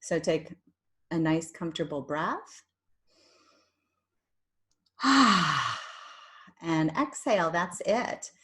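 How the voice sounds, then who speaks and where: A woman hypnotherapist leading a guided meditation in a soothing, drawn-out way, with breathy sighs. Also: low voice, lively intonation.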